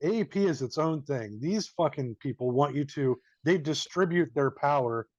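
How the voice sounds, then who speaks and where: A man's voice: on the high side, animated, moderate pace, darkish tone, no echo, lo-fi sound. A man in a casual podcast chat, talking in a laid-back way and laughing along. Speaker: podcast co-host.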